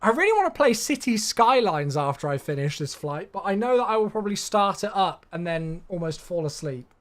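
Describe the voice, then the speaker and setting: A man's voice: sits high, big pitch swings, a little fast, a bit bright. Easygoing man chatting on stream. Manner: chatty, easygoing, answers chat aloud. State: sleepy, yawning. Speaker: flight sim streamer. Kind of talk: casual live-stream chat.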